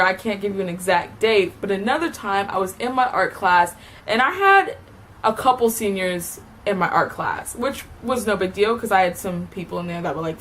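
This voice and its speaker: A woman's voice: medium pitch, a bit bright, a little hiss or hum. A young woman telling stories from school in a casual vlog, chatty and giggly, with lots of "like" fillers. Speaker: vlogger.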